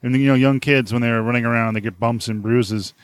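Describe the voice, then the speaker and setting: A man's voice: mid-range voice, steady tone, brisk, smooth, dry recording. A man hosting a parenting podcast, chatting casually with a guest in a rambling way and chuckling now and then. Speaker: podcast host. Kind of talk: casual interview talk.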